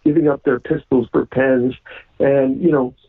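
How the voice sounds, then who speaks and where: Raspy guy on a tinny phone line, earnest, lots of ums. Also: medium pitch, fairly even intonation, normal speed. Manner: earnest, with many ums and restarts. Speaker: guest. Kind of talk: radio interview. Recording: phone-line call-in sound.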